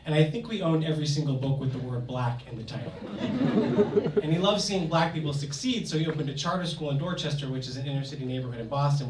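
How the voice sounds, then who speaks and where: A young man telling a comic personal story on stage to a live audience, in an animated, conversational way. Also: mid-range voice, far from the mic. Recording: echoey hall, mic from afar, audience noise.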